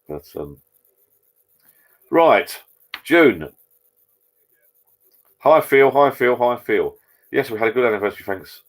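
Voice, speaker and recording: A man's voice: medium pitch, sing-song, takes it slowly, long pauses. A man hosting a casual live chat from his garden bar. He rambles and greets viewers by name. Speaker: live stream host. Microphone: laptop.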